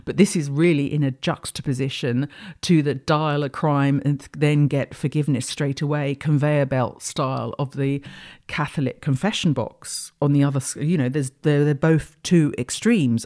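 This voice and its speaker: A woman's voice: deep voice, warm tone. A woman hosting an astrology talk show, musing in a rambling, reflective way with many restarts. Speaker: astrology podcast host. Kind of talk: casual spiritual monologue.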